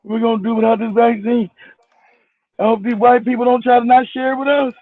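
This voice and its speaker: A man's voice: extremely high pitch, little pitch movement, fast talker, dry recording. A man calling in for casual banter, profane and laughing as he mocks people. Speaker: caller. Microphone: phone. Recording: tinny dry phone line.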